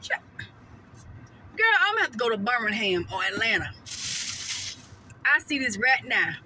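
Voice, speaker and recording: High bright-voiced woman chatting. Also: big pitch swings, moderate pace, a little hiss or hum, low-quality recording. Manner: chatty, addresses viewers as y'all and honey. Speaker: vlogger. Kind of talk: casual mukbang vlog chat. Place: parked car.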